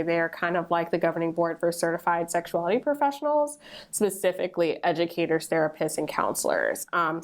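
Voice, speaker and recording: A woman guest on a podcast, talking in a relaxed, casual way with frequent laughs. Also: lowish voice. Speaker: guest, sex ed business coach. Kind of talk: casual interview chat.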